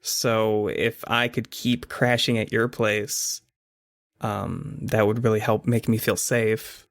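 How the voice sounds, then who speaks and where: A man's voice: lowish voice, level tone, slow, no echo. A man doing a sly, streetwise teenage girl. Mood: earnest. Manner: lazy, sly drawl. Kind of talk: tabletop actual-play character voice.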